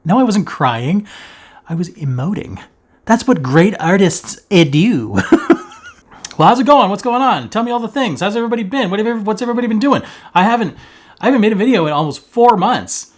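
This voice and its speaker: A man chats straight to the camera from his home in a hammy, fast-talking way. His voice sits a little high and leaps all over the place. He keeps mocking himself with big theatrical flair. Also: animated. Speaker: cross-stitch vlogger host. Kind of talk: casual chat vlog. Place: at home, indoors. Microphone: camera facing him while seated.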